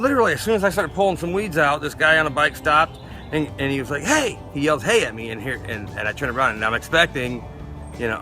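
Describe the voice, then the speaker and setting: A man from Florida who works as an artist, telling stories in an interview and acting out what other people said. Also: mid-range voice. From Florida, USA. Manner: animated, acts out other people's lines. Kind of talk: interview storytelling.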